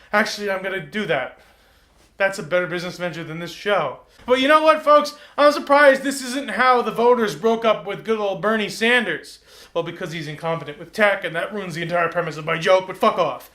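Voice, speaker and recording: A man's voice: high voice, normal speed, sharp tone. A man hosting a late-night comedy show, delivering a monologue of sardonic, self-mocking punchlines. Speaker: talk show host. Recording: echoey room with band music.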